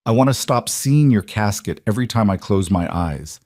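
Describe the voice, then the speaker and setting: A possessive, intense young mafia boss giving orders with controlled force, as a man reads him. His low voice is dry and close. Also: animated, normal speed, a little mellow, no room sound, close to an everyday voice. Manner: intense, commanding.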